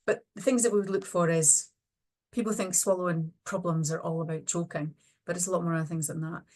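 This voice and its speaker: Low-voiced woman explaining clinical slides. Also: fairly even intonation, a little fast, darkish tone. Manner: explanatory, practical, talks through slides with examples. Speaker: speech and language therapist presenting a webinar. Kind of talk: online webinar lecture.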